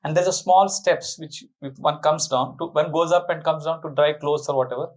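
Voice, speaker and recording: A middle-aged man, a monk telling an animated, laughing anecdote as a spiritual talk. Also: fairly high pitch, normal speed, rough recording. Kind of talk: storytelling sermon.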